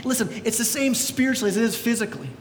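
A high-voiced man preaches a sermon in an echoey church with a long hall reverb and a faint rumble behind him. He tells the story in a lively way and acts out voices. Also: racing. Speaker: pastor. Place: church sanctuary.

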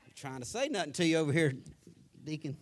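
Emphatic preaching man, loud then hushed. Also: fairly high pitch, sing-song, fast. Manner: swings from loud emphatic preaching to soft, subdued storytelling. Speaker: pastor. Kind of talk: sermon.

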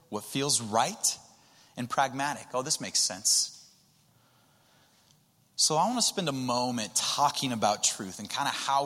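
Male preacher, bright forceful tone, conversational, repeats words, long reverb. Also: mid-range voice. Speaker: pastor. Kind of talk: sermon. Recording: reverberant hall.

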